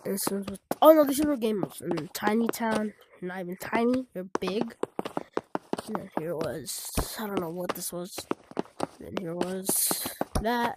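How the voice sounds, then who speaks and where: This is casual commentary from a developer guiding listeners through a game she created. Speaking in a mid-range voice over loud background music in a very noisy recording, she thinks aloud, breaks off and restarts her sentences, and often murmurs.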